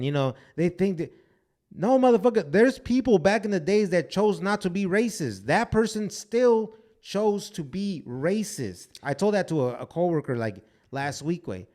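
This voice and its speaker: A man's voice: sits high, lively intonation, normal speed, a little mellow. A man co-hosting a podcast in casual chat, blunt and profane, now and then dropping Spanish phrases. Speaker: podcast co-host.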